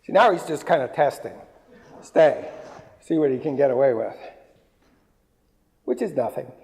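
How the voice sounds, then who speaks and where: Man dog trainer with gravelly voice. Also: mid-range voice, expressive, moderate pace, a little mellow. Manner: short firm commands, cooing praise to the dogs. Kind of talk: hands-on training demonstration. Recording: long reverb, roomy hall.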